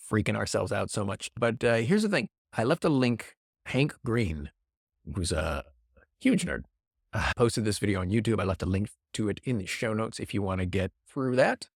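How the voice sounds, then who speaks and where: Animated, sarcastic man podcasting. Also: fairly low pitch, no echo, studio quality. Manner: animated, sarcastic, jumps into mock voices. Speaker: podcast host. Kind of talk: casual solo podcast commentary.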